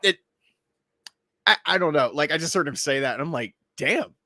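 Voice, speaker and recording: A man's voice: a little high, brisk, sharp tone, no room sound, studio quality. A man in casual podcast chat, rambling with stammers and frequent laughs.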